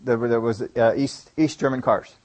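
A man's voice: mid-range voice, moderate pace, a little mellow. A man preaching a sermon, asking the congregation rhetorical questions and driving his points home with emphasis.

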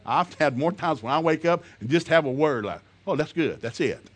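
A man's voice: on the high side, animated, moderate pace, slightly rough. Folksy, fervent male preacher. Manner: folksy, emphatic, builds to loud fervent peaks while quoting scripture; chuckles between lines. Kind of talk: sermon. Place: church service before a congregation.

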